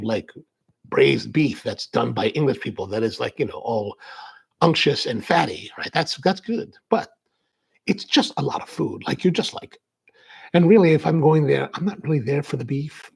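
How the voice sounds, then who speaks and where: A man hosts a relaxed coffee livestream and chats his way through viewer comments. His voice sits a touch higher than most men's and has a gravelly, husky edge. He talks in a loose, rambling way, full of "like". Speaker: coffee show host. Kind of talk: casual livestream chat answering viewer comments.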